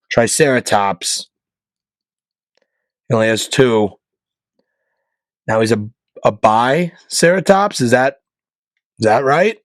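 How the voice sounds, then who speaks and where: A man hosting his own podcast, joking through casual rambling asides in a deadpan way, from northeastern Pennsylvania. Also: medium pitch, dry recording. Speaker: podcast host. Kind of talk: casual comedic monologue.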